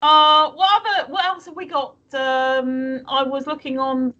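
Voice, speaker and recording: A woman's voice: sits high, steady tone, unhurried, sharp tone, lo-fi sound. A woman co-hosting a live stream, chatting casually, giggling often and reading out chat messages. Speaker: streamer co-host.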